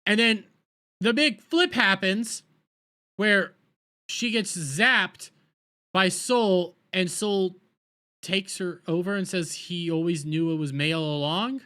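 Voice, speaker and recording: A man's voice: high voice, takes it slowly, pushed and bright. A man casually recapping a show episode, rambling with stammered restarts and incredulous outbursts. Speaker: show reviewer.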